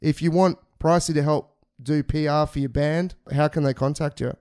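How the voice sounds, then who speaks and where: Aussie bloke hosting a podcast, swears a lot, kinda high smooth voice. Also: male voice, fairly even intonation, normal speed, darkish tone. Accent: Australian. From Australia. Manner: crude, joking banter with lots of swearing. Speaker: podcast host. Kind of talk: casual podcast chat.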